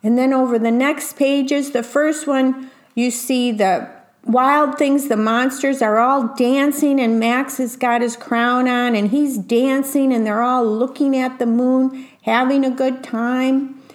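A woman reading a picture book aloud slowly, pausing to describe each illustration in a gentle storytime manner. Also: sits high, fairly even intonation. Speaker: reader.

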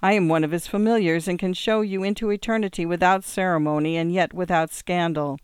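A man reads out a bitter young man in despair, his lines rising with feverish intensity. The voice is smooth and resonant. The sound is dry and close. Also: high voice, fairly even intonation, brisk, dry recording, natural voice. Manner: intense, rising theatrical delivery.

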